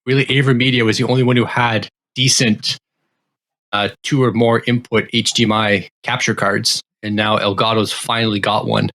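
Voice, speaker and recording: A man co-hosting a casual tech podcast, explaining technical details at length in an even, matter-of-fact way. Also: lowish voice, moderate pace.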